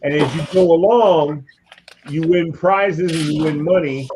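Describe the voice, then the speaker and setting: A man's voice: a little high, unhurried. A man co-hosting a casual group chat, talking bluntly and animatedly. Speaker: show co-host. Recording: dull lo-fi audio with faint noise.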